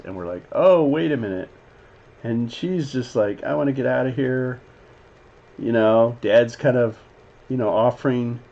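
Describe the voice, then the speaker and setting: A man casually breaking down an animated scene as a teacher, rambling with lots of fillers and now and then voicing the characters' lines. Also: mid-range voice. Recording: slightly dull lo-fi audio with faint background noise.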